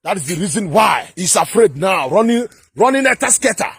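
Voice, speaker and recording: A man from Edo State in Nigeria, with a Nigerian accent, delivering a fiery, repetitive political rant to camera that at times turns to shouting. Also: sits high, big pitch swings, fairly quick, creaky, breathy edge, dry recording. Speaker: political vlogger.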